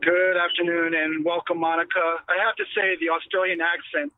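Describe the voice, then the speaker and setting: A man from New York phoning in to a radio show, his voice coming through a thin, tinny phone line. It sits fairly high, and he rambles, restarting his sentences and padding them with "um" and "you know". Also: little pitch movement, a little hiss or hum. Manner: rambling, halting, full of fillers. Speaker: caller. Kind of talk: phone-in question.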